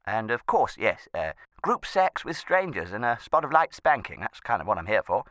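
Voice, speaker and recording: A man's voice: fairly low pitch, big pitch swings, moderate pace, a bit bright, no echo. A man playing a flustered old judge. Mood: rambling. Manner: rambling, fussy and hesitant, with many false starts. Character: flustered posh retired male judge in his seventies. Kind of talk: comic phone message monologue.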